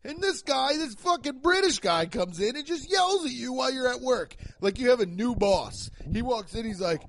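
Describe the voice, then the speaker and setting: Animated, profane male stand-up comic. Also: very high voice, normal speed. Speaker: stand-up comedian. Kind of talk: stand-up comedy routine.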